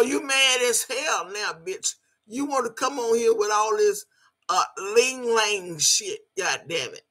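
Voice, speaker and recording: A woman's voice: on the high side, husky. An older woman with a Southern Alabama accent, ranting profanely and heatedly at a viewer on a livestream. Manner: profane, heated, shouting insults. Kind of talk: livestream rant.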